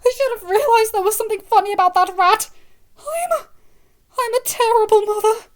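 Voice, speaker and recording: A woman voicing a frantic, fiercely protective witch mother who talks shrilly, near shouting. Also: extremely high pitch, normal speed, voice pushed up. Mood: tearful.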